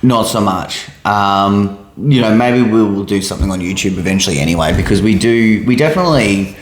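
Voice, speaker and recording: A relaxed Australian man with a somewhat low voice talks loosely, padding his sentences with ums. The sound has the echo of a bare room. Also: brisk, a little hiss or hum. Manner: laid-back, rambling with fillers. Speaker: podcast co-host. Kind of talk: casual chat.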